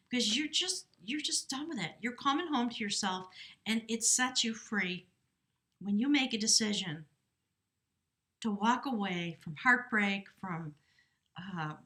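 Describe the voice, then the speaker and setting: A woman's voice: mid-range voice, sharp tone. A middle-aged woman giving a chatty, enthusiastic tarot reading, now and then reading aloud from a book. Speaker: tarot reader. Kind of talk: casual spoken tarot reading.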